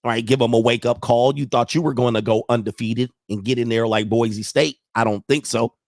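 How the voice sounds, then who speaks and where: Hosting a casual sports livestream, a man thinks aloud and chuckles often while reading viewer messages. He has a medium-pitched, darkish voice with fairly even intonation and a fairly quick pace, captured with clean studio sound and no room echo.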